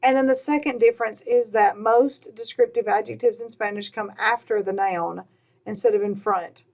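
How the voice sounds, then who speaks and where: A woman's voice: fairly high pitch, fairly even intonation, a little mellow. Patient woman teaching Spanish. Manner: patient, repeats words slowly, fillers like all right and um. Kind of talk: recorded grammar lesson.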